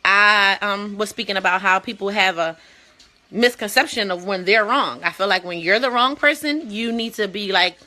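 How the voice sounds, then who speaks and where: A woman co-hosting a talk show, chatting casually in a blunt, profane and animated way. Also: mid-range voice, moderate pace. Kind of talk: casual chat.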